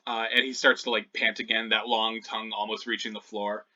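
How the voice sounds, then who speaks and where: Bright-voiced male game master, lo-fi mic. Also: lowish voice, flat delivery, fairly quick. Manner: loose, filler-heavy descriptive narration. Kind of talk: narrating a tabletop game. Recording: slightly dull lo-fi mic.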